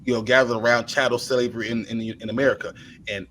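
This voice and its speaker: A man's voice: medium pitch, flat delivery, fast, fairly bright tone, slight background noise, rough recording. A man co-hosting a casual movie review podcast, speaking reflectively and laughing often. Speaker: podcast co-host.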